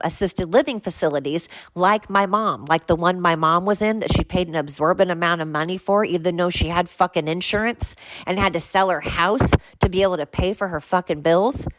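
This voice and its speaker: A woman's voice: fairly low pitch, fairly bright tone, dry recording. An older woman hosting a solo podcast, ranting bluntly and swearing often as she talks. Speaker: podcast host.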